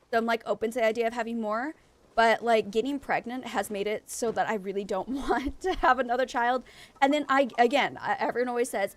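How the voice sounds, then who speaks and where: A young adult woman streaming a game and chatting candidly with her viewers, venting emotionally and often restarting her sentences. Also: fairly high pitch. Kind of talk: casual chat with viewers while gaming.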